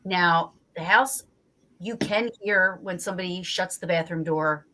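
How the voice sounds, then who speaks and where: Appearing as a guest investigator in an informal interview, a woman from New Jersey tells an animated story, swearing freely and acting out how she reacted. Her voice is slightly low and a little slow, with a bit of hiss or hum in the recording.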